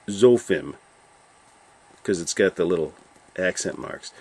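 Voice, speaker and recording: Man, fairly low voice, informal bible commentary, rambling, thinks aloud, chatty with viewers. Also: slightly rough. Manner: chatty, addresses viewers directly. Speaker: Bible study host.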